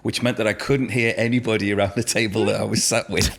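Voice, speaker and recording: A man's voice: lowish voice, level tone, fast, vocal fry, fairly bright tone. A man co-hosting a casual chat, recovering from illness and partly deaf, telling an easygoing story with chuckles. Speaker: podcast co-host. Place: indoor room with co-hosts.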